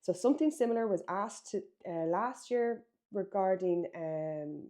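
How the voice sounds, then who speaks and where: A woman's voice: medium pitch, animated, measured pace, mellow. A woman from Ireland teaching a biology exam revision lesson, emphatic and correcting herself as she writes. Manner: instructive, emphatic, self-correcting while writing.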